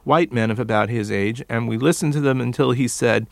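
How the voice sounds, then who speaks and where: A man, a dialect coach interviewed as a guest, who demonstrates accents by repeating words in a measured way. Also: medium pitch, gravelly, no echo.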